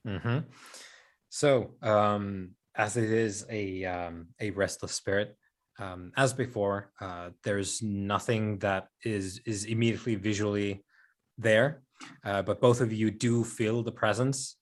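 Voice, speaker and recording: A man narrating as game master of a tabletop game, halting and full of fillers and laughs. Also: lowish voice, steady tone.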